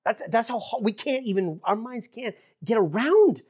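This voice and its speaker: A woman preaching a sermon in an earnest, emphatic way, dropping to hushed asides for effect. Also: on the high side, lively intonation, normal speed, slightly rough.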